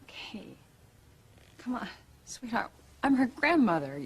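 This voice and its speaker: An actress playing a remorseful middle-aged mother and grandmother in a soap opera, gentle and pleading. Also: fairly high pitch, sing-song, a little slow, breathy edge, full character voice. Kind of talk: daytime soap opera acting.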